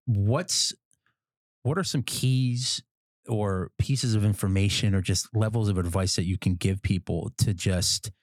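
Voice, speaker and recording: Rambling low-voiced male podcast host. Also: unhurried, dry recording, clean studio sound. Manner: rambling, restarts often, laughs easily. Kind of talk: casual interview chat.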